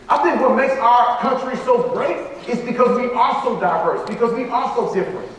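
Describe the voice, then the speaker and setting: A man's voice: very high-pitched, expressive, normal speed, few pauses, fairly bright tone, slight background noise. A male motivational speaker addressing a school assembly, talking with a preacher-like cadence and emphatic repetition. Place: school gymnasium or auditorium. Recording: echoey hall, distant room mic.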